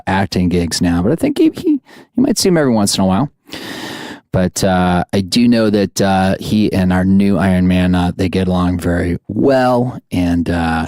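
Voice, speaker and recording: A man's voice: mid-range voice, no echo, studio quality. A man hosting a podcast, wrapping up an interview and signing off with jokey, rambling asides. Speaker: podcast host. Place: studio.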